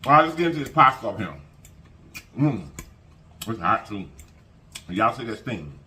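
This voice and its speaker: Lively man hosting a mukbang. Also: medium pitch, normal speed, a little hiss or hum. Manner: lively, folksy, hums while eating. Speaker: mukbang host. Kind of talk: casual eating vlog.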